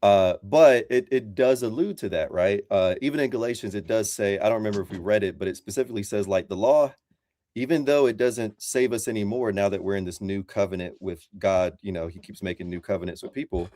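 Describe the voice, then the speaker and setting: A man's voice: fairly low pitch, brisk, warm tone, no room sound. A man calling in as a Christian, talking in a casual, rambling way full of fillers. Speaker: Christian caller. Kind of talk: casual debate chat.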